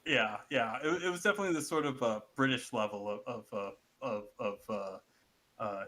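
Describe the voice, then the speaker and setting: A man's voice: mid-range voice, moderate pace, sharp tone. A man in a casual group chat, telling a long rambling story full of swearing and restarts.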